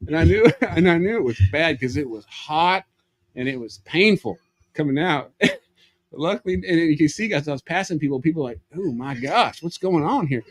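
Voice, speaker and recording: A man, a podcast guest telling a funny story with lively energy and frequent laughter. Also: fairly high pitch, moderate pace, no echo. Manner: animated, laughs through his story. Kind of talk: comedic storytelling.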